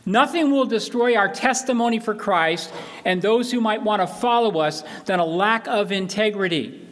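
An older man delivers a sermon from the pulpit in an earnest, emphatic way. His voice sits high for a man, and he drives his points home by repeating phrases. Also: a bit bright. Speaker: pastor.

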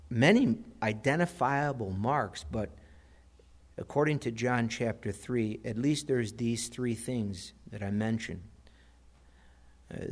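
A man preaching a sermon, his voice at a middle pitch for a man. He talks in a relaxed, conversational way and leans on fillers as he goes. His delivery stays plain and everyday. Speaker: pastor.

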